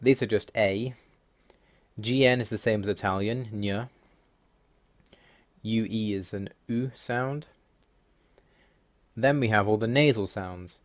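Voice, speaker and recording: A man hosts a language-learning video, narrating a voice-over across slides with a fairly low voice. He takes it slowly, pausing often as he works through the language rules one at a time, sounding wry and a little exasperated.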